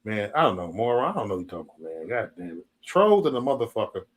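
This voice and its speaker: Animated profane man chatting on a livestream. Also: lowish voice, fast. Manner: profane, laughing, animated banter. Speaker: livestream host. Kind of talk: casual livestream chat. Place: home.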